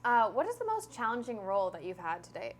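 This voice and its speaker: A woman's voice: on the high side, huge pitch swings, fast talker, slight background noise. A young adult woman interviewing a fellow actor in a friendly, chatty way, with plenty of fillers. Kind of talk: casual interview chat.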